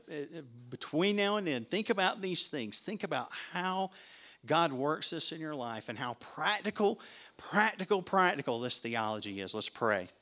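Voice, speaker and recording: A man's voice: fairly high pitch, bright, forceful tone. Conversational preacher man questioning the congregation. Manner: conversational, asks the audience questions; repeats words when starting sentences. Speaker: pastor. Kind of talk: interactive sermon teaching.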